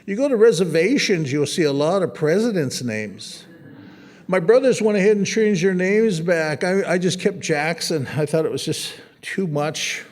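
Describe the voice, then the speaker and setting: A man in middle age gives a casual museum talk about his own artwork, his voice sitting a little higher than most men's. He wanders from story to story, stumbles over his own words, and breaks in with small jokes. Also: lively intonation, normal speed, a little mellow. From United States. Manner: rambling, anecdotal, with self-corrections and a joking tone. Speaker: artist giving a talk about his photographs. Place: art museum.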